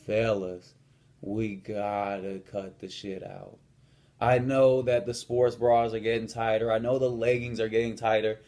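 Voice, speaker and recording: A man's voice: lowish voice, little pitch movement, a little slow, darkish tone. Brash young man ranting, profane. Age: young adult. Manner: blunt, profane, swaggering. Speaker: fitness and lifestyle coach. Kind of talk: casual vlog rant with storytelling.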